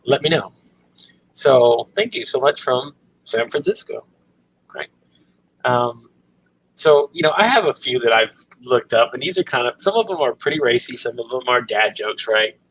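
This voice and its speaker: Husky man telling stories on a livestream. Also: medium pitch, normal speed, long pauses, rough recording. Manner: relaxed storytelling, many ums and "right?". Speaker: livestream host. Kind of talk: casual livestream chat.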